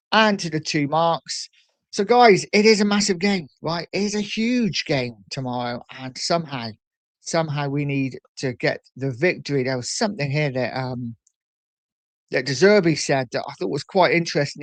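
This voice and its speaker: A man hosting a casual livestream, chatting and reading out viewer comments in a relaxed, rambling way. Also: a little high, moderate pace, no room sound. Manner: relaxed and chatty, lots of fillers and repeats. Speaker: livestream host. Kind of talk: casual live-stream chat reading comments.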